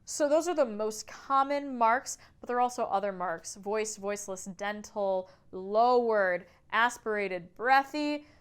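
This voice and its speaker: Woman vocal coach, video lesson; upbeat, demonstrates sounds, smooth clear tone. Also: mid-range voice, a little slow, hardly any pauses. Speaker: singing teacher.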